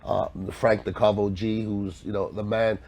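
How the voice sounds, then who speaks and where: Relaxed man podcast host in a kava bar. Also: lowish voice, moderate pace. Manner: frequent short agreeing interjections, relaxed questions. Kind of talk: casual interview conversation.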